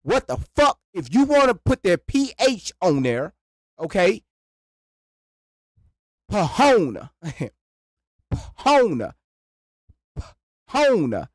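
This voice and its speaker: A man's voice: high voice, sing-song, a little slow, no echo, clean studio sound. A man, hosting a casual livestream, rambling, swearing freely and breaking into laughter. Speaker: livestream host.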